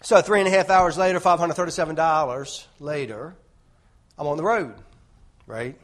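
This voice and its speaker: A lay preacher gives an informal sermon, wandering through a personal story with many restarts and "right?" tags. He speaks at normal speed in a voice on the high side.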